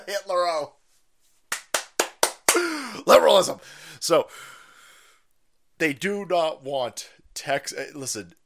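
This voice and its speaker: A man hosting a ranting political livestream, loud and mocking, laughing often and mimicking other people's voices. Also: on the high side. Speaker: livestream host.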